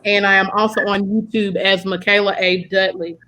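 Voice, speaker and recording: A woman's voice: mid-range voice, flat delivery, normal speed, pushed and bright, low-quality recording. A young American woman hosting a casual podcast chat, friendly and full of fillers. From United States. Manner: chatty, friendly, lots of fillers. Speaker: podcast host.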